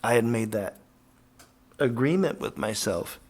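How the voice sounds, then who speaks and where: A professional skateboarder telling a casual, profane, rambling story with lots of fillers. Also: male voice, medium pitch, lively intonation, measured pace, a little mellow, breathy edge.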